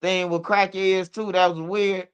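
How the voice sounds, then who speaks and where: Male street-news commentator: slangy and profane, rambling, fairly high and smooth. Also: level tone, a little slow, lo-fi sound.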